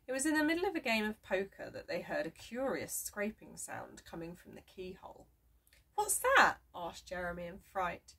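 A woman reading a children's storybook chapter aloud in a steady, measured way, recorded from a distance. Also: lowish voice, husky. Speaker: reader.

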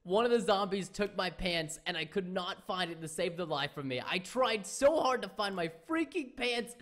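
Excitable young man gaming. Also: sits high, normal speed. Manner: excitable, jokey, talks to his viewers. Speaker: gaming YouTuber. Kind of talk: Let's Play commentary.

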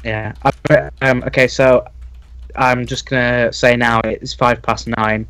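A man's voice: medium pitch, flat delivery, unhurried, a bit bright, smooth, no echo. A man with a Northern English accent chatting candidly on a live stream, chuckling often and searching for words. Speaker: guest co-host. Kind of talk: casual chat on a live stream.

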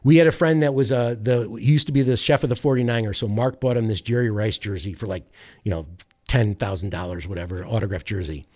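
A man's voice: lowish voice, quick pace. Man telling a rambling sports anecdote. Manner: rambling, animated anecdote with quoted voices and self-corrections. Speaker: sports radio producer, guest. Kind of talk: casual storytelling.

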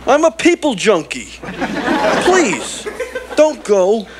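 A man voicing a needy, wisecracking furry male alien in a sitcom, whining and pleading with quick comebacks. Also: high-pitched, huge pitch swings, heavy background noise, heavily acted. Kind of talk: 1980s sitcom acting. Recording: studio audience laughter track.

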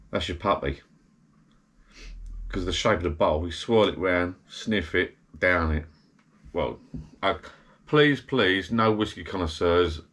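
A deep-voiced man chats loosely in his backyard garden bar shed. He rambles and drifts from one tangent to the next in a relaxed, everyday way. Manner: rambling, digressive, chatty. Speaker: vlogger. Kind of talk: casual rambling chat.

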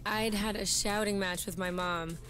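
A woman's voice: mid-range voice, steady tone, moderate pace, soft background music, lightly acted. An actress playing an easygoing, teasing young woman in a video game, a runaway living with her partner. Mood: fond. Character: young woman on the run with her lover, upbeat.

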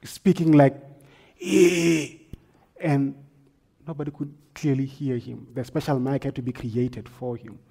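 Male pastor, husky mid voice, storytelling sermon with hushed and loud turns. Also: medium pitch, fairly even intonation, normal speed. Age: adult, married. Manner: storytelling, swings from hushed to forceful.

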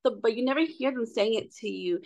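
A woman in her forties sharing family stories at a book club in a relaxed way. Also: a little high, fairly quick. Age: 40s. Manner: relaxed, storytelling, animated when quoting. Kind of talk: casual sharing in a group discussion.

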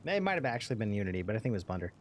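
Swearing, lively-voiced man streaming a game. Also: fairly low pitch, rapid-fire, a little hiss or hum. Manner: profane, rambling, jokey; puts on character voices. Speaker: let's play streamer. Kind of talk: casual game commentary.

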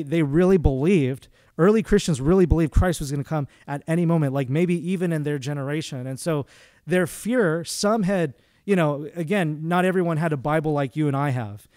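A man delivers a sermon as a guest preacher, loose and conversational, stumbling through restarts and fillers. His voice sits a little high for a man, with a mellow, soft tone. The sound is close and dry. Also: no echo. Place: church.

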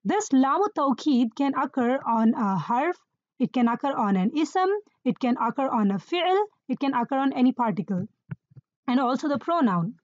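A woman teaching Quranic Arabic grammar in a measured, explanatory way, often checking in with the listener. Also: sits high, lively intonation, no room sound, lo-fi sound.

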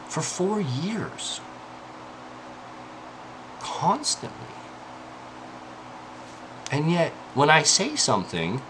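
A man's voice: mid-range voice, fairly bright tone, slight background noise, poor audio. A man ranting about harassment in an exasperated, profane, pleading way, as an indie game developer. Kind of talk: angry personal rant.

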